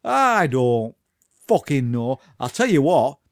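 Middle-aged man, profane comedic rant, exasperated, lively pitch. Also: takes it slowly, dry recording, studio quality. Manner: sweary, exasperated, riled-up ranting. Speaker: comedic ranter.

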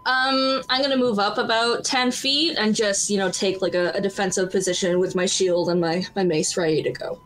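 A woman's voice: medium pitch, steady tone, moderate pace, hardly any pauses, a bit bright. A woman playing a tabletop game, upbeat, describing her character's actions. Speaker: player. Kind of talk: casual tabletop game play.

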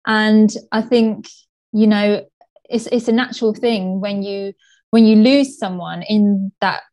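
A woman's voice: medium pitch, steady tone, measured pace, mellow. A woman co-hosting a podcast who talks emotionally and laughs often. Her voice sits in an ordinary middle register. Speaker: podcast co-host. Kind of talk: casual chat.

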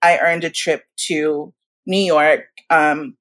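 A woman in her forties tells her stories as an interview guest, with a voice that sits a little low. She talks in a lively, slangy way and acts out what people said to her. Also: takes it slowly. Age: 40s. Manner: animated, slangy, acts out quotes. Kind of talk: storytelling in a casual interview.

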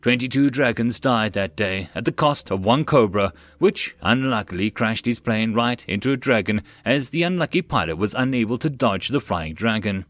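A man reads a web novel aloud at a steady, even pace in a mid-pitched voice. His delivery is plain, with the odd stumble over a phrase, and the recording is dry and close with no room sound. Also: normal speed, hardly any pauses, no room sound. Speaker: audiobook narrator.

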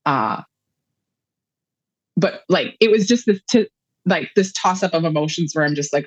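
Low-voiced woman telling a story, full of fillers. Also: normal speed, long pauses, slightly rough, no echo. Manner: rambling, emotional storytelling with many fillers. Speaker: guest, mother of a child patient. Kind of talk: conversational interview.

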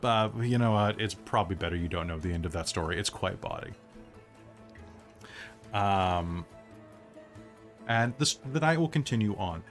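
A man's voice: sits low, expressive, moderate pace, long pauses, soft background music. A man narrating a tabletop game as game master, rambling with fillers and self-corrections.

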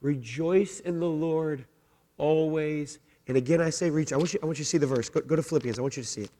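A middle-aged man preaching a sermon as senior pastor, asking his congregation questions and moving between quiet personal storytelling and rising, emphatic exhortation. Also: fairly high pitch, very fast. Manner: asks the congregation direct questions. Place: church sanctuary. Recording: long hall reverb in a church.

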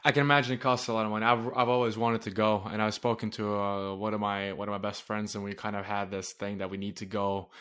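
A man's voice: fairly low pitch, little pitch movement, fast talker, few pauses, fairly bright tone, smooth. A man in his twenties, a podcast guest chatting casually and agreeably. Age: 20s.

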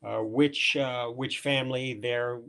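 A man's voice: medium pitch, fairly even intonation, takes it slowly, vocal fry, a bit bright. A man from England with a southern English accent, a guest telling stories in a podcast interview, full of restarts and fillers. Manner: rambling, many restarts and fillers. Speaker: interview guest, former trade magazine editor.

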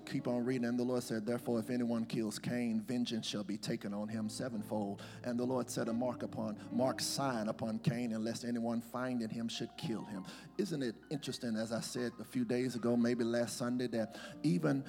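Male pastor with a gravelly voice preaching a sermon, long hall reverb, clear music behind. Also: medium pitch, fairly even intonation, normal speed, darkish tone. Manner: calls on congregation to repeat words. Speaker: senior pastor. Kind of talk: sermon with scripture reading. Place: church sanctuary.

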